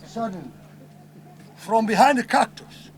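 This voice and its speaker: A man's voice: high voice, lively intonation, a little slow, a crowd in the background. A man playing a boastful farmer, telling a yarn in mock Spanish-flavored broken English and tagging lines with "eh?" at a live reunion skit. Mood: storytelling. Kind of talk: comic storytelling skit. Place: live reunion stage before audience. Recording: noisy live hall recording.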